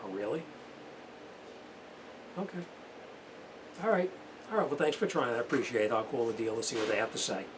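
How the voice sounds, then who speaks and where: Blunt New mechanic in a noisy shop. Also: male voice, mid-range voice, lively intonation, fairly quick, long pauses. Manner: casual, blunt, talks the viewer through each step. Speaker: auto mechanic. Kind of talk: hands-on repair demonstration. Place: auto repair shop.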